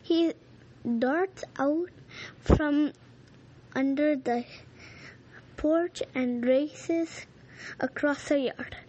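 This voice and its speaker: A woman reading a children's storybook aloud, halting now and then with slips and rereads. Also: high-pitched, mellow, lo-fi sound. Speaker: reader.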